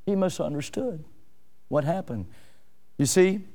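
Male pastor preaching, kinda high voice, smooth, lots of emphatic questions at the crowd. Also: animated, normal speed, a little mellow. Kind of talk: sermon.

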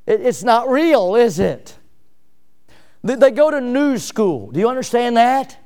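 A man pastor preaching a sermon in an animated, emphatic way, full of rhetorical questions. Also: very high voice, a little slow.

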